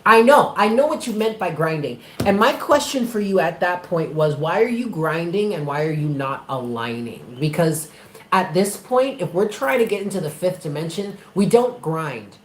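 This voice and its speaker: A man's voice: fairly high pitch, big pitch swings, normal speed. A man reads tarot live, pressing his points hard, swearing freely and calling the sitter by endearments. His voice carries a roomy echo, and there is a faint hiss of noise behind him. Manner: emphatic, blunt, profane, affectionate. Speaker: tarot reader.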